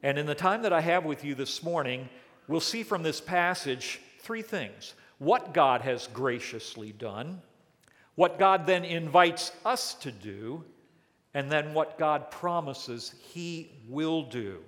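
A man's voice: a little high, animated, slow pace, fairly bright tone. Preaching man in a reverberant hall. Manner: dynamic preaching with emphatic rises and falls. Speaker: pastor. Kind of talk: sermon. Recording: long church reverb.

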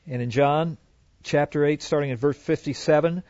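A man teaching a Bible class in an earnest way, reading scripture aloud and often pausing on fillers. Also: fairly high pitch, steady tone, darkish tone, no echo. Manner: earnest, with frequent fillers and restarts, quoting scripture. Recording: dry, dull lo-fi recording.

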